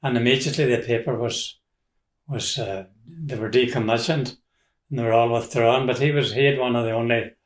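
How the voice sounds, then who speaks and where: A man's voice: medium pitch, a little fast. Older Donegal man spinning family yarns. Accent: Irish, Donegal. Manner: rambling, with restarts and chuckles. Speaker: interviewee. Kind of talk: casual storytelling. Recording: roomy echo.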